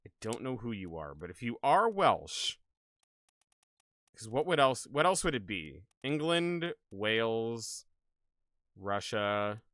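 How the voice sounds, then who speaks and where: A man's voice: medium pitch, sing-song, slow pace, fairly bright tone, no echo, clean studio sound. A man streaming a game, joking with chat and thinking aloud as he plays. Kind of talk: casual gaming stream chat.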